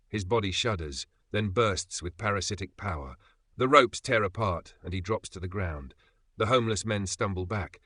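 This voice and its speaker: A man's voice: lowish voice, moderate pace, fairly bright tone, dry recording, studio quality. A man narrating a comic recap in scripted, dramatic storytelling.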